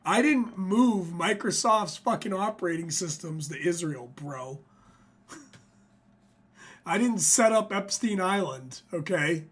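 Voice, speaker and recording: A man's voice: high voice, expressive, slow pace, a bit bright, breathy edge. A man hosting a livestream, giving profane, casual commentary and laughing often between remarks. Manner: swears freely, laughs often. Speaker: livestream host.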